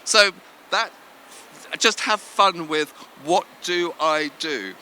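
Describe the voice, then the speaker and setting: A man's voice: fairly high pitch, slow pace, pushed and bright, slight background noise. A man speaking at a business conference, chatty and self-deprecating, telling anecdotes to the audience. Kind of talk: live conference talk. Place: event venue.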